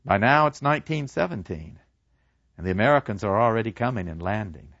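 Brief: an animated man lecturing as a storyteller, expressive pitch, dry muffled sound. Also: a little fast, dry recording. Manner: animated, acts out the people in his story. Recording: dull lo-fi dry recording.

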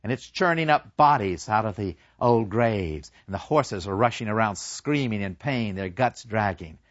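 A man's voice: fairly low pitch, normal speed, no room sound, dull audio. A man dramatically retelling a war story in the first person, acting out the quotes. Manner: animated, acts out quotes.

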